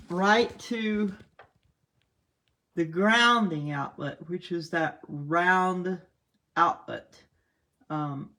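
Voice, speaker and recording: Southern lady w a twang doing a live commentary show, slow easygoing talker, chatty, laughs at herself a lot. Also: fairly low pitch. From Southern United States. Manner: chatty, laughs often, self-deprecating. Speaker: host.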